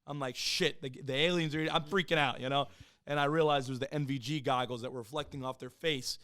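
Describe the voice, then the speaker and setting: A man in his thirties, a podcast guest, telling his own story in a casual, profane, animated way and acting out the people he quotes. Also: medium pitch, fast talker, no echo, clean studio sound. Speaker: podcast guest, former Marine and police officer.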